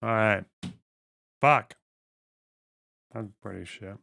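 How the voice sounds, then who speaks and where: A man's voice: on the low side, slow pace, creaky, pushed and bright. A male streamer in casual live-stream commentary, reading text aloud and reacting with sarcastic, profane remarks.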